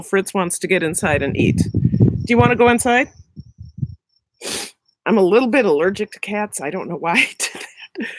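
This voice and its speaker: A woman's voice: mid-range voice, no room sound, rough recording. A woman chatting casually on a live stream while walking around outside, recovering from a sore throat, greeting viewers by name. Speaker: vlog host on a livestream. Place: outdoors around a house in summer.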